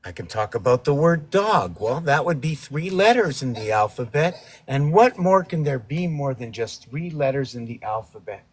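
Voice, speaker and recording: A man's voice: mid-range voice, big pitch swings, normal speed, breathy edge. Rambling man riffing on wordplay. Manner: rambling, playful with wordplay and letter puzzles. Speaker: livestream host painting on camera. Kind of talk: casual rambling chat.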